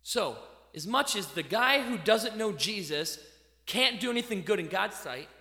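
A man delivers a sermon in a bright, high voice. He is animated, pushing some phrases out loudly and dropping others low and quiet. The sound rings around a large echoey hall. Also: normal speed. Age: adult parent. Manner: animated, swings between loud emphasis and quiet asides. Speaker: pastor.

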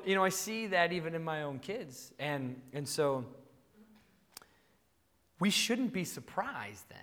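A man in his thirties preaching a sermon, telling animated stories about his kids and acting out yelling at them. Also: a little high, in a large hall. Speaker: pastor.

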